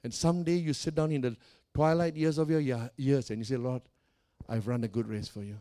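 A man preaching a sermon as pastor of a church, calling out to the congregation and swinging between soft and loud. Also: medium pitch, fairly even intonation, brisk. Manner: preaching with call-and-response and dramatic swings in volume.

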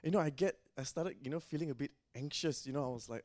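A man's voice: a little high, quick pace, hardly any pauses, a little mellow. Conversational man preaching a sermon. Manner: conversational, frequent "you know".

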